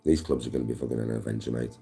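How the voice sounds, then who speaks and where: A man's voice: very deep voice, steady tone, rapid-fire, gravelly, dark tone, faint music behind. A man, chatting casually on a live stream, swearing freely and greeting viewers. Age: 40s. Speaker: livestreamer.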